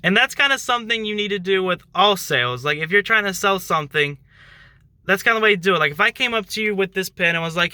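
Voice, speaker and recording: A man's voice: high voice, animated, fast, bright, forceful tone, smooth, dry recording. A young man hosting his own channel, giving a casual talk-to-camera tutorial in a loose, chatty way full of fillers. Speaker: channel host giving sales tips.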